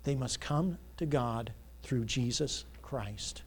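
A male pastor preaching a Sunday sermon, asking the congregation to fill in words and building to loud, emphatic passages. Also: mid-range voice, slow, slight background noise. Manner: call-and-response questions, rising to loud emphatic preaching. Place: church sanctuary. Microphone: church sound system mic.

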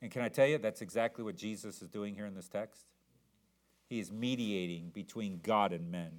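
A man preaching a sermon, reading King James scripture and repeating words as he builds each point. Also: mid-range voice. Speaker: pastor.

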